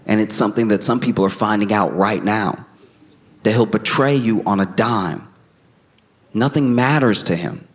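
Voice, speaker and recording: A man performing a stand-up comedy set on a club stage, telling a story with animated acted-out scenes. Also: on the low side, moderate pace.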